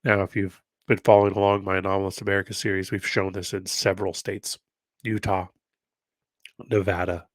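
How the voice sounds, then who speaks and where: A congested man with a nasal tone and a fairly low voice talks casually and reads passages aloud. His sound is dry and close, with no room echo. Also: little pitch movement, brisk. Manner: conversational, musing asides between read passages. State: congested from allergies. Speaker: host of a history-mystery channel. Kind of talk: casual commentary and reading aloud.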